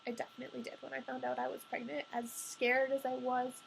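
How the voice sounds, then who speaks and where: A woman's voice: high-pitched, level tone, fast talker, gravelly, a little hiss or hum, poor audio. A young adult woman telling a personal story in a candid, confessional way, chatty and full of "like" fillers.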